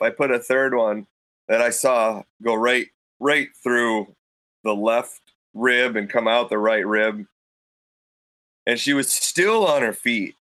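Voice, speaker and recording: A man's voice: mid-range voice, sharp tone, no echo, rough recording. A man in casual conversation, telling a story vividly and acting out quoted thoughts with a raised voice into a studio microphone. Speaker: podcast guest telling a hunting story.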